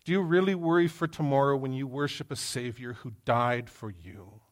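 A man preaching a sermon, moving from quiet reflection to loud, emphatic exhortation. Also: mid-range voice, moderate pace. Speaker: pastor.

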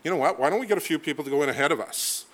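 A man's voice: on the high side, animated, fairly bright tone. A man voicing a hesitant, fearful crowd that dithers and asks one another what to do. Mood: dithering. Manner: dithering, unsure, quick.

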